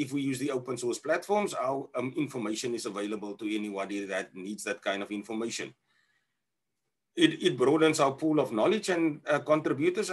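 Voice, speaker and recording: Halting man presenting on a video call. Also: medium pitch. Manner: halting, many fillers and restarts. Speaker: conference presenter. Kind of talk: online conference presentation.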